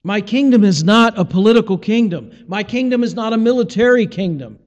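A man's voice: high-pitched, expressive, brisk, in a large hall, lo-fi sound. A man preaching a sermon, teaching and asking rhetorical questions, acting out the voices he quotes.

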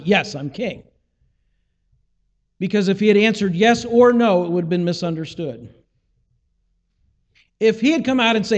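A man's voice: sits high, in a large hall, highs cut off. A man preaching a sermon, teaching and asking rhetorical questions, acting out the voices he quotes.

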